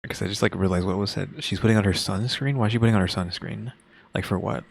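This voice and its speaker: Deep gravelly man with puzzled asides. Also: fairly even intonation, quick pace, a little hiss or hum. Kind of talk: casual reaction chat.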